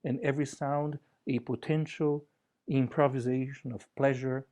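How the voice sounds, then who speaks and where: A man's voice: medium pitch, fairly even intonation, normal speed, warm tone. A man giving a conference talk with vocal exercises, speaking playfully and slipping into lilting, sung syllables. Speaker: workshop presenter.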